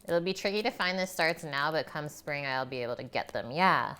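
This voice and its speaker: A woman's voice: low-pitched, a little fast, bright, forceful tone, clear, resonant tone. A woman hosting a live cooking stream, chatting casually with her viewers and answering them by name as she cooks in her kitchen. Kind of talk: casual chat while cooking.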